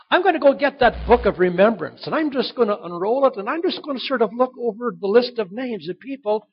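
A man voicing a sleepless ancient king who muses to himself in a chatty, higher voice, in a dull lo-fi recording. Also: lively intonation, fairly quick, slightly rough, heavily acted. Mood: musing.

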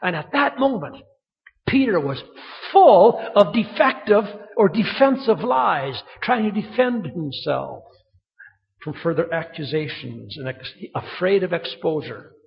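Gravelly high-voiced man preaching in a hall. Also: unhurried. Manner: animated storytelling, acting out quoted voices. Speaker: pastor. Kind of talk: sermon. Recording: muffled sound in a reverberant hall.

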